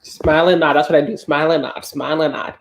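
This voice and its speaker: A woman's voice: low voice, steady tone, fast, creaky, slight background noise. A woman co-hosting a casual online chat show, playful and self-conscious, laughing often. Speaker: podcast co-host.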